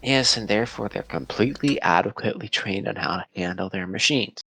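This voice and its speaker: A man playing a tabletop game, speaking dryly and matter-of-factly in a gravelly voice. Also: on the low side, brisk, pushed and bright, low-quality recording. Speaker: tabletop player.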